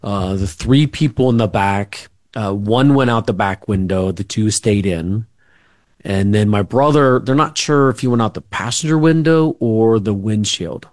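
A middle-aged man, a radio interview guest, telling a personal story in a rambling, halting way. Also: fairly low pitch, darkish tone, no echo.

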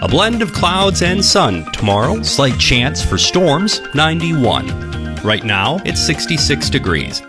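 Male radio meteorologist, brisk forecast read, higher voice, music bed. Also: sing-song.

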